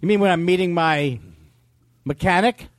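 A man joking in casual comedic chat, firing off teasing questions in a wry, deadpan way. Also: high voice, moderate pace. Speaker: comedian guest.

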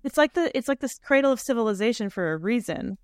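A young woman with a fairly high, lively voice co-hosts a casual podcast. She jumps in with playful quips and giggles, and the sound is dry and close. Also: quick pace, no room sound. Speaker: podcast co-host. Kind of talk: casual chat.

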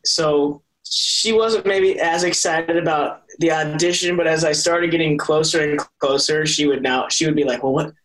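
A man's voice: fairly high pitch, normal speed, hardly any pauses, fairly bright tone, low-quality recording. A young man guesting in an interview, talking earnestly and rambling through many restarts and fillers. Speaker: actor guest. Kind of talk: casual interview chat.

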